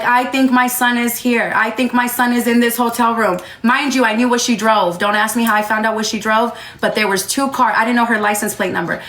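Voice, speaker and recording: A woman in her thirties retelling a tense story to her live audience, quoting others in a fast, heated way. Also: fairly high pitch, pushed and bright. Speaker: live streamer. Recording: echoey room with faint music.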